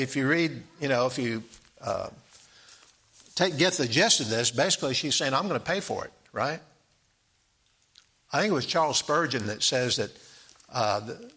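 A man's voice: medium pitch, sharp tone. A middle-aged man preaching a sermon in an easygoing, conversational way, reading scripture aloud.

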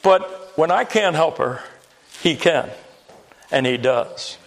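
Male preacher, high gravelly voice, folksy sermon storytelling with humor, church pulpit. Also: expressive, slow pace.

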